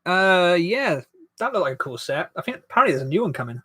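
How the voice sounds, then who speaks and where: A man's voice: high voice, big pitch swings, quick pace, bright, forceful tone, breathy edge. A man hosting a casual live stream while building a toy set, rambling and self-deprecating as he reads viewer comments aloud.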